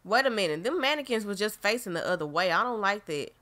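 A gaming channel host narrates her horror game let's play into a desk mic, jumpy and full of exclamations, often turning to address her viewers. Her medium-pitched voice is bright and sharp, with lively intonation and a quick pace.

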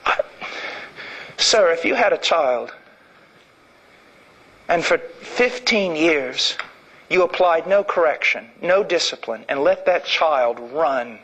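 A middle-aged man from Illinois preaching a sermon, swinging from fervent shouting to low, intense speech. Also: husky, low-quality recording. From Illinois, United States.

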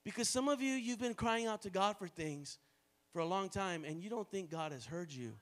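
An American man preaching a sermon as pastor, moving between quiet, low passages and loud, rising calls to the congregation, with playful joking asides. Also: expressive, moderate pace.

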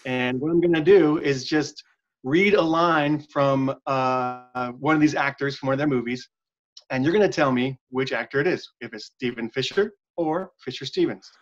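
A man's voice: medium pitch, normal speed, muffled recording. A man co-hosting a podcast, chatting casually and playfully quizzing his co-host. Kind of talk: casual chat.

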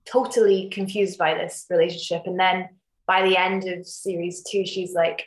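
A woman's voice: fairly low pitch, level tone, moderate pace. Chatty young woman in an echoey room. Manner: chatty, rambling with many restarts and fillers. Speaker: actress interviewed about her series. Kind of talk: casual interview chat.

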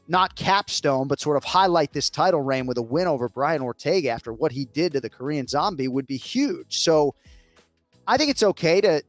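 An American man hosting a casual sports betting chat, chatty and self-mocking with quick asides. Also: medium pitch, dry recording. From United States. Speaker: host.

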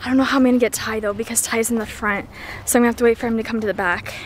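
A woman with a bright, high voice hosts an acted adventure vlog out on a wooded trail. She talks to the camera in a chatty, breathless way, full of restarts and suspense. Faint outdoor noise sits under her voice. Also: fairly even intonation, racing. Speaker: family vlogger on an acted adventure hunt.

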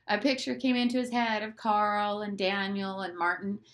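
A woman teacher reading a storybook aloud with expressive narration. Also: mid-range voice, moderate pace.

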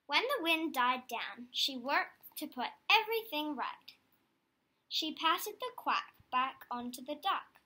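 High, bright-voiced woman reading a storybook. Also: takes it slowly. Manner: expressive storytelling, dropping low for narration tags. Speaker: children's book reader. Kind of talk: reading a picture book aloud to children.

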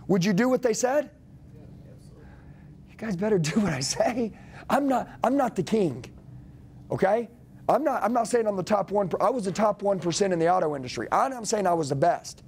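A man leading a live sales training, forceful and commanding, repeating key lines for emphasis to a group in a training room. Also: high voice.

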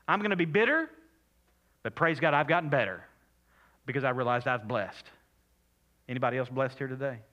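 An older man preaching a sermon as pastor, reading scripture and repeating words for emphasis, rising loud and high, then dropping to soft hushed asides. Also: expressive, brisk, pauses often, dull audio.

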